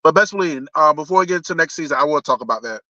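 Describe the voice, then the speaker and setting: A man's voice: fairly high pitch, animated, rapid-fire, sharp tone, no room sound. A young man, ranting casually about sports on a live stream, blunt and profane, often restarting his sentences. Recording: dull lo-fi stream audio.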